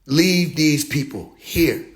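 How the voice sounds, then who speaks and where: A man doing a slow, puzzled alien visitor. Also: fairly high pitch, animated, pitched below the performer's own voice. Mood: baffled.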